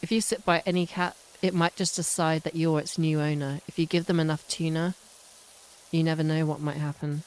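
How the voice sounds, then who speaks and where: A woman's voice: low-pitched, level tone, brisk, rough recording. A woman chatting casually on a game live stream, rambling and self-mocking.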